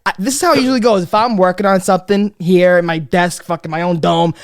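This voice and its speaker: Animated young man, loud and sweary. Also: sits high, fast. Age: 20s. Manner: animated, swearing, acts out his parents in loud exaggerated voices. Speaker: podcast host, comedian. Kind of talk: casual podcast chat.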